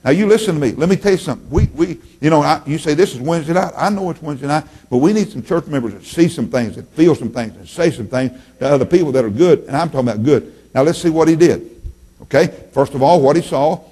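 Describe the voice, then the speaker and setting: A middle-aged man preaching a folksy sermon in a church, his voice jumping up loud and then falling low. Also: fast, husky. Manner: folksy, animated preaching with sudden loud rises and drops. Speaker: pastor.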